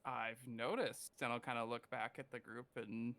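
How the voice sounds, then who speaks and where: A man's voice: mid-range voice, level tone, moderate pace, bright, forceful tone. A man playing a tabletop game, describing his moves and speaking in character in an easygoing, wry way. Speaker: player. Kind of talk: tabletop play.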